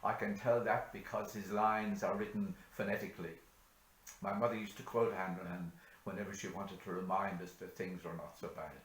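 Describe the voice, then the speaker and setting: A man from rural Ireland, reciting a bush poem in a measured, theatrical storytelling voice. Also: low voice, flat delivery. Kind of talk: poetry recitation. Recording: echoey room.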